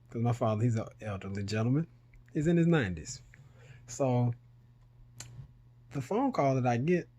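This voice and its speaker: A middle-aged man, telling a story casually to his vlog audience, animated and swearing freely. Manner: animated, swears freely, rises in pitch when retelling panic. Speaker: vlogger.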